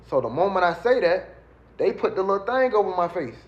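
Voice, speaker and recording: A man's voice: high voice, expressive, brisk, muffled recording. A man telling his own story in casual street slang, rambling with many fillers.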